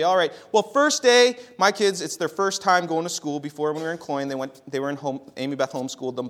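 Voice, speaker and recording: A man in his thirties preaching a sermon, telling stories with big swings between loud and quiet, often repeating words as he restarts. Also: on the high side. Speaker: pastor. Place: church.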